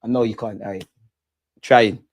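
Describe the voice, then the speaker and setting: A young man hosting a live football watch-along, excitable and slangy, shouting out his viewers. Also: on the low side, unhurried, no echo, clean studio sound. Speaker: fan channel host.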